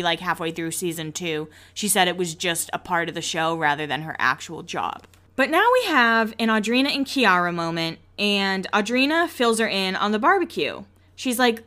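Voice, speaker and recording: A woman's voice: medium pitch, fairly bright tone. A woman hosting a casual recap podcast, chatty and full of sarcastic asides. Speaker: podcast host recapping a reality show.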